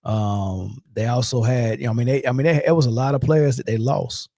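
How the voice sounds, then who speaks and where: A man's voice: mid-range voice, fairly even intonation, a little fast, vocal fry, warm tone, dry recording, clean studio sound. A man in his forties hosting a sports show, talking loose and slangy in a rambling, storytelling way. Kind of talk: casual sports talk.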